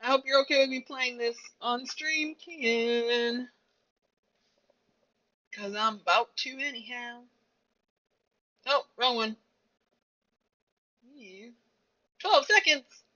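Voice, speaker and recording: A young woman streamer talks her way through a game, rambling and chatting to herself and her viewers. Her voice sits a little high and sounds bright and forceful, caught on a dull, lo-fi recording. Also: slow pace, long pauses. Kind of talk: casual chat while playing a game.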